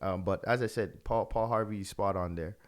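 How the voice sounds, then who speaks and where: A man's voice: lowish voice, brisk. A man, a pastor, giving religious video commentary with impassioned, repetitive phrasing.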